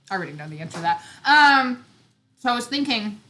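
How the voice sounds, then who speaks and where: A woman's voice: on the high side, big pitch swings, brisk, bright, forceful tone, soft background music. A woman in her thirties hosting a casual live chat, chatty and teasing with frequent giggles. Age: 30s. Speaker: homesteading channel host. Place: home.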